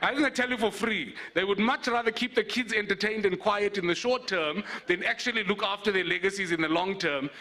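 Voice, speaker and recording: Animated South African comedian hosting. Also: male voice, sits high, fairly quick, hardly any pauses. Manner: animated, joking, playful asides. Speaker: event host and comedian.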